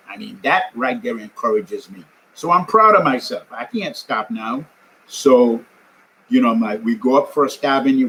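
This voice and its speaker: A man's voice: mid-range voice, a bit bright, slight background noise, rough recording. An older man from New York telling his marathon story in a casual, rambling way, with many fillers and restarts. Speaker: amateur marathon runner.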